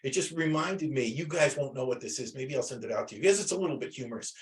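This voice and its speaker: A man leads an informal class over a video call. He rambles from point to point, starting over often and filling gaps with ums. His voice sits at an everyday middle pitch. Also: quick pace. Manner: rambling, many restarts and fillers. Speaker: teacher. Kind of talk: casual classroom talk.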